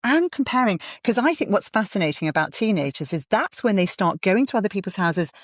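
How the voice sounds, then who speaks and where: A woman's voice: mid-range voice, very animated, fairly quick, no echo, clean studio sound. A middle-aged woman hosting a parenting interview, reflective and affirming as she talks it through. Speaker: parenting podcast host. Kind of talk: conversational interview.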